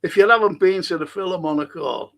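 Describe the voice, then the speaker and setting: A man's voice: high voice, fast, fairly bright tone. A middle-aged man, hosting a podcast and reading out viewer comments in a rambling, chatty way. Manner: chatty, rambling, frequent restarts and fillers. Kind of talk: casual livestream chat.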